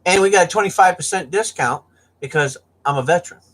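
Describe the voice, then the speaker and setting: A man's voice: high-pitched, fast, a bit bright. A man chatting casually and rambling on a livestream, joking and laughing often. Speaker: livestream host.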